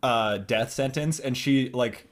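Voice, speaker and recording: A man's voice: medium pitch, measured pace. Joking man co-hosting a podcast. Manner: jokey, rambling, laughs often. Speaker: podcast co-host. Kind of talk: casual chat.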